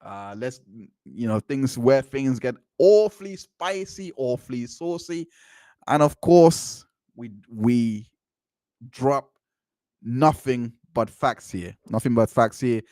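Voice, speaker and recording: A man talks through court transcripts in a loose, chatty commentary, circling back and repeating phrases. His voice sits at an ordinary middle pitch. The sound is close and dry, with no room around it. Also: expressive, takes it slowly, mellow, no room sound. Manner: repetitive, restarts phrases, incredulous asides. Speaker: commentary channel host.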